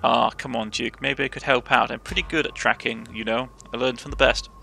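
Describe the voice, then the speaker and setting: A man's voice: mid-range voice, steady tone, brisk, creaky, sharp tone, a little hiss or hum. A man with a Cornish accent voicing a bold, adventurous young woman who hunts monsters, talking in a chatty, reassuring way with stumbling restarts. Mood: coaxing.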